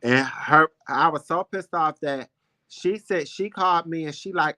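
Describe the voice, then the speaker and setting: Man with a bright, tense voice. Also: on the high side, measured pace. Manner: heartfelt, emphatic, rambling. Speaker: show host. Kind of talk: casual chat, personal storytelling.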